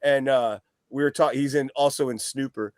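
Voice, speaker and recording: An East Coast American man guests on a podcast, chatting casually about a record while rambling, swearing, and laughing a lot. His mid-range, slightly mellow voice keeps fairly even intonation at a moderate pace. The studio recording is clean with no room sound.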